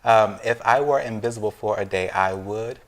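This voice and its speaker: A woman interviewer in a casual chat, asking quick fill-in-the-blank questions and reacting with encouragement and laughter. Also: very deep voice. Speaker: interviewer, host. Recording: faint background noise.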